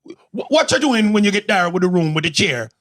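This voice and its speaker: A man's voice: sits high, lively intonation, a little fast, a bit bright, pitched above the performer's own voice. A man voicing a tall, suspicious Jamaican housekeeper woman who keeps pressing with questions, in a Jamaican accent. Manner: pushy repeated questioning.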